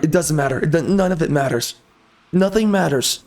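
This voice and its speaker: A man's voice: fairly high pitch, brisk, a little mellow. Angry sarcastic man ranting over gameplay. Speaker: gameplay video host.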